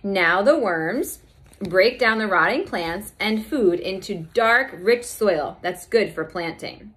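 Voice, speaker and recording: A woman reading as a calm, patient schoolteacher. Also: medium pitch, takes it slowly. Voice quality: soothing and explanatory.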